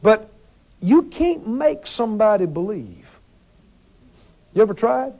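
A man delivers a sermon with a high, lively voice. He talks emphatically, repeats himself and asks the congregation questions. The recording sounds dull and lo-fi. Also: slow pace, gravelly. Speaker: preacher.

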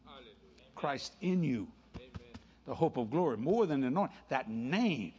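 An older man preaching a sermon, animated and playful, telling stories with quick voices and laughter. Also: medium pitch, breathy edge. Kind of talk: sermon mixed with storytelling. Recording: dull lo-fi sound.

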